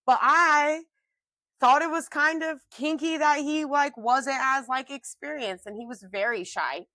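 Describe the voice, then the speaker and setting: A woman in her twenties co-hosting a podcast, telling stories in a loud, boisterous way with lots of swearing and laughter. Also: high voice, a little slow, dry recording. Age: 20s. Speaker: podcast co-host. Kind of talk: casual chat.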